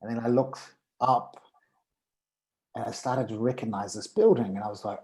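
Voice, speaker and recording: A man, a podcast guest, telling a personal story in casual conversation and acting out the dialogue with lively energy. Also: mid-range voice, normal speed, poor audio.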